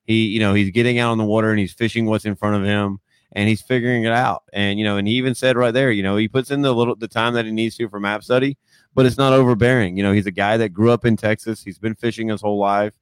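A young man with a lowish, smooth voice hosts a casual podcast. He talks in a laid-back way, stumbles and repeats words, and calls his listeners dude. The sound is dry and close. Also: steady tone, fast talker, dry recording. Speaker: podcast host.

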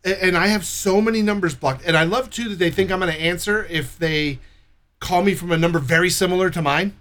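A man chatting on a casual podcast, swearing often and telling stories with lively energy. His voice sits a little higher than most men's. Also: a little fast. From Los Angeles area. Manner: profane, animated storyteller. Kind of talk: casual chat.

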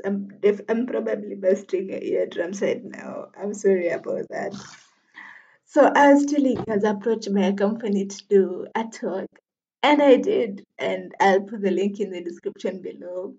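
A woman's voice: mid-range voice, normal speed, mellow. Chatty young woman podcaster, lo-fi sound. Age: 20s. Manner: chatty, laughs often, self-deprecating. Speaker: podcast host. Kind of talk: casual solo podcast chat.

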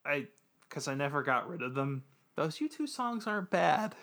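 A man's voice: fairly high pitch, sing-song, moderate pace, fairly bright tone. Jokey man recapping a show. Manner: loose and jokey, lots of ums and restarts. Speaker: podcast co-host recapping an anime. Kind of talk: casual chat.

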